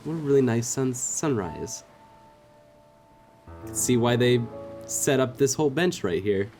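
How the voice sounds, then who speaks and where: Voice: mid-range voice, animated, measured pace, a little mellow, soft background music. A let's-play host giving casual, jokey commentary and reading game dialogue aloud, laughing and swearing freely.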